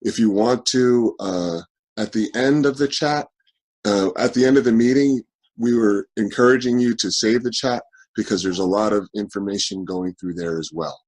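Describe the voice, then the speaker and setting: A man hosting an online forum over a video call, talking in a halting way full of fillers and restarts. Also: lowish voice, a little mellow.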